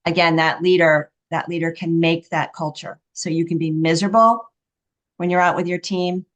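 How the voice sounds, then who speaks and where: A woman's voice: lowish voice, fairly even intonation, normal speed. A woman who is a guest on a podcast and an expert on workplace culture, talking casually and summing up points in a reflective way. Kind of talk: casual interview chat.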